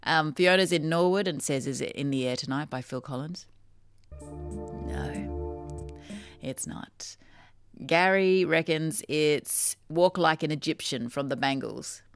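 A woman's voice: low voice, moderate pace, hardly any pauses, over music. A woman with a South Australian accent hosting a radio talk show, chatting casually and reading listener messages aloud. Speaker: radio host. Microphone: studio microphone.

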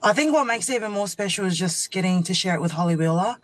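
A woman's voice: fairly low pitch, expressive, fast. A woman, a rugby league player, chatting as a guest and animatedly acting out quotes as she tells a story. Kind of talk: casual chat interview.

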